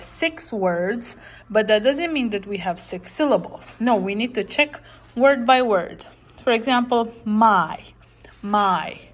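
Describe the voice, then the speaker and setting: A woman teaching a lesson, patiently repeating words and checking in with her listeners. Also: mid-range voice. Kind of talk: classroom lesson, explaining slowly.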